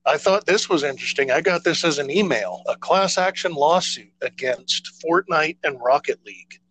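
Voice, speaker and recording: A man's voice: fairly high pitch, expressive, moderate pace, a bit bright, breathy edge, rough recording. A man co-hosting a casual podcast chat, rambling and hesitant with many fillers and restarts. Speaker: podcast co-host.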